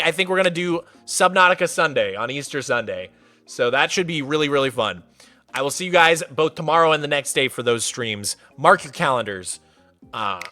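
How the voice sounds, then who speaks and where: A high, bright male voice that leaps all over the place as he chats casually with his live audience. He is playful and quick to laugh, and he warmly welcomes viewers by name. Faint music plays softly behind him. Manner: animated, playful, laughs often; soft baby talk to his cat. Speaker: streamer. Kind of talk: casual livestream chat.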